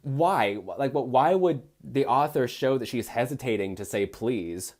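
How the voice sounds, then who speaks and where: A man's voice: medium pitch, a little slow, darkish tone. A young man hosting a live stream, reading a badly written book aloud and mocking its prose with exasperated, sarcastic asides. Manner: sarcastic, exasperated, frequent fillers and restarts.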